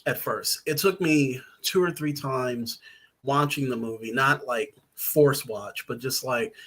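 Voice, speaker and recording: A man's voice: medium pitch, slow pace, fairly bright tone. A man who is a writer and guest on a podcast, chatting casually, rambling with lots of ums and little laughs.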